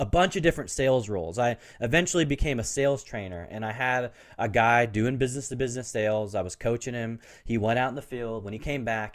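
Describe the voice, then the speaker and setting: A man who is a guest on an interview show, telling stories casually and with energy. He laughs often and says "like" and "you know" a lot. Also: mid-range voice.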